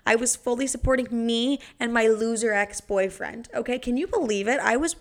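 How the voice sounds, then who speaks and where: A woman's voice: a little high, normal speed. A young woman telling brash, profane stories about quitting jobs in a sarcastic storytime monologue.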